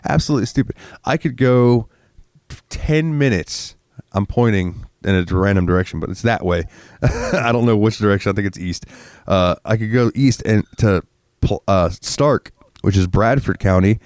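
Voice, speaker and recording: A man's voice: fairly low pitch, moderate pace, dry recording, clean studio sound. A sick man from Florida, co-hosting a podcast in casual chat, rambling, swearing freely and getting worked up when he rants. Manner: profane, rambling, gets worked up ranting. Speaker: podcast co-host.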